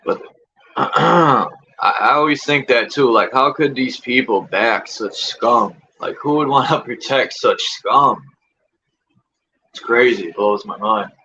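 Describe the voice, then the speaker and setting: A man's voice: mid-range voice, takes it slowly, sharp tone, dull audio, a little hiss or hum. A man hosting a livestream, ranting in casual talk and repeatedly tossing in rhetorical questions. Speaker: livestream host.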